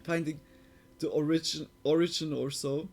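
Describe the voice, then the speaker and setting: A man's voice: on the high side, steady tone, moderate pace, creaky, faint music behind. A man streaming live, casually reacting to a video in rambling talk full of "like" fillers. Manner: rambling, heavy use of "like" fillers.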